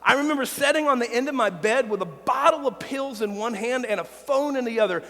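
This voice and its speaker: A man preaching a sermon as pastor, earnest and personal, with quiet confessional stretches. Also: very high-pitched, fairly quick, in a large hall. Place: church sanctuary.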